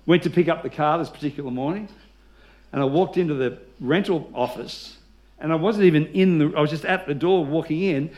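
A man's voice: on the high side, brisk, darkish tone. A male pastor preaching a sermon, telling stories with humor and leading the congregation in call-and-response.

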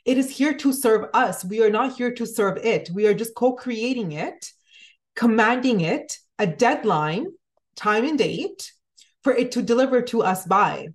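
A woman's voice: a little high, expressive, unhurried. Earnest spiritual woman speaking to camera. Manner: earnest, repetitive, addresses listener directly. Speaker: spiritual content creator. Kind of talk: motivational spiritual monologue.

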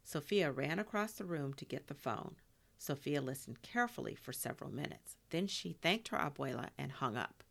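Low, gravelly woman reading a storybook. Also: moderate pace. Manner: expressive reading with Spanish words.

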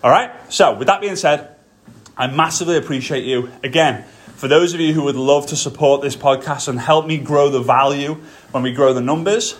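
A man hosting a motivational podcast, talking straight to his listeners in an emphatic coaching manner, a little out of breath. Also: medium pitch. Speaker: podcast host.

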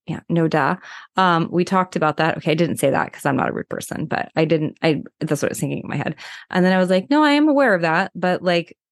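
A woman in her thirties hosting a podcast, telling a personal story in a candid, conversational way with many fillers and slowing down for breathing steps. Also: lowish voice, no echo, studio quality. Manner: speeds up when worked up, slows for breathing steps. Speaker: podcast host and body worker. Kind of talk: personal storytelling, guided reflection.

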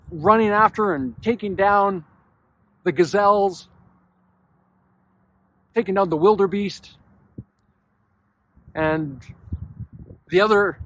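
A man hosting a podcast, giving a blunt, emphatic motivational talk to men, with casual swearing. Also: sits high. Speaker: podcast host.

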